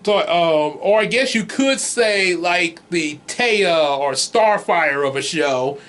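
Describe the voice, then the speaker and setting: High-voiced chuckling man chatting about movies. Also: animated, takes it slowly, fairly bright tone. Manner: rambling, chuckles often, many restarts. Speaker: comics vlogger reviewing a movie. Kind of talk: casual movie review chat.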